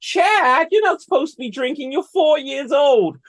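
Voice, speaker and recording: A man voicing a rowdy team of young boys on a hockey team, shouting and overexcited, over a video call. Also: very high-pitched, lively intonation, normal speed, no echo, clean studio sound, pitched above the performer's own voice.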